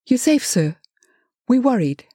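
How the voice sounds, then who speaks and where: A jittery young bodyguard, acted by a woman storyteller, stammering and agitated as he explains himself. The tone is husky and warm, recorded dry and close. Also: mid-range voice, moderate pace, no echo, voice pushed up, close to an everyday voice. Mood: nervous. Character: nervous stuttering young male bodyguard.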